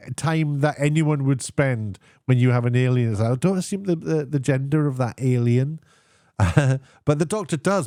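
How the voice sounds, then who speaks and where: A man giving a casual spoken TV review, sarcastic and meandering, often pausing to search for words. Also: mid-range voice, darkish tone, no echo, clean studio sound.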